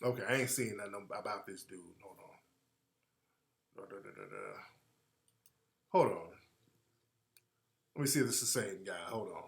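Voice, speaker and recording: A man's voice: lowish voice, very animated, normal speed, vocal fry, long pauses. Slangy, echoey male radio host. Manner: slangy, rambling, trails off while looking things up. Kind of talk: casual commentary to listeners.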